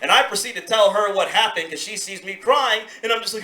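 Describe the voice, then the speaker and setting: A man's voice: high voice, normal speed, few pauses. A man doing stand-up comedy, telling a story and acting out its voices, with crowd laughter in a club. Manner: animated, acts out voices, laughs along with crowd. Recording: roomy club live recording. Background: audience laughter.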